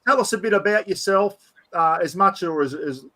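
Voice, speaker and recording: Male host, casual and rambling, enthusiastic, slightly higher voice. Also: normal speed, sharp tone. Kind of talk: casual chat.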